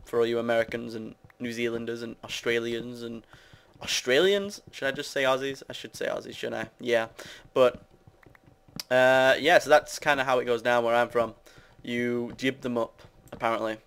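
Speaking at a normal speed in a flat, medium-pitched voice, a young British gamer offers casual commentary while building in a game. The sound is clean and a bit bright. His talk wanders, teases himself, and keeps addressing his viewers with jokes.

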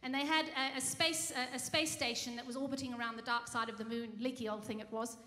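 A woman's voice: on the high side, fairly even intonation, fast, sharp tone. A woman cabaret singer telling a rambling, mock-earnest tall tale on stage, full of ums and restarts, live in a music venue. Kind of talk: comic stage monologue. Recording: reverberant live room.

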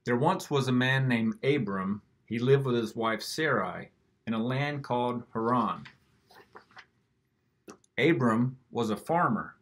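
A man gently reading a picture book aloud to children, with an expressive storytelling manner. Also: mid-range voice, measured pace.

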